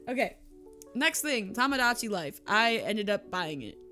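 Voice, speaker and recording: Girl vlogging, all gushy and teary, laughs a lot, soft music behind. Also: mid-range voice, lively intonation, moderate pace. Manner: emotional, gushing, laughs often. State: tearful. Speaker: YouTuber and streamer. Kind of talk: casual monthly vlog chat.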